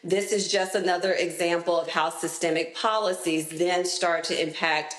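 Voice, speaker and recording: Woman, expert guest, deliberate and explanatory, roomy echo, mid-low voice. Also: steady tone. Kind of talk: measured expert interview answers.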